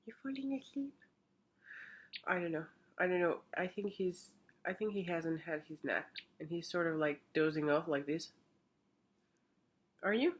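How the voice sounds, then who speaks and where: A woman's voice: deep voice, little pitch movement, moderate pace. A woman chatting casually to camera in a vlog, cooing baby talk to her small pet between updates. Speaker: makeup artist vlogger.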